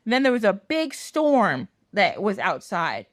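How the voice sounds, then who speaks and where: A woman's voice: medium pitch, sing-song, measured pace, no room sound, studio quality. Chatty woman telling a story. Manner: chatty, lots of fillers and swearing. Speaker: podcast host. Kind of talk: casual storytelling.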